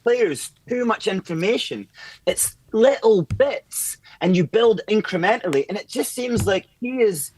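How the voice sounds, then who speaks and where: A man calling into a fan show, talking fast and animated about tactics, swearing freely and acting out what others say. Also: high voice, breathy edge, no echo. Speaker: caller. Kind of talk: casual fan chat.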